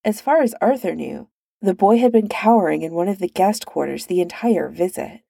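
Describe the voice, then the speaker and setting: A woman narrating a story in an even, measured audiobook reading. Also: medium pitch, gravelly, no room sound, clean studio sound.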